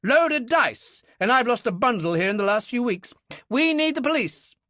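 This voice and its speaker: A man voicing an indignant, blustering older military gentleman in an audiobook. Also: very high-pitched, animated, moderate pace, dry recording, pitched above the performer's own voice, full character voice. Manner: indignant, emphatic, clipped.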